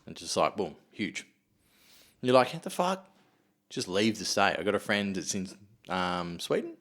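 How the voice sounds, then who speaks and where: A man with an Australian accent and a fairly low voice, hosting a casual podcast. He tells stories in a loose, animated way, swears often and acts out the lines of the people in them. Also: moderate pace. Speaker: podcast host.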